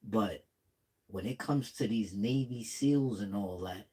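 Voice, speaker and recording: A man's voice: lowish voice, slow pace, mellow, rough recording. A man hosting a reaction vlog, talking casually and slangily straight to his viewers. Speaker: vlog host reacting to videos.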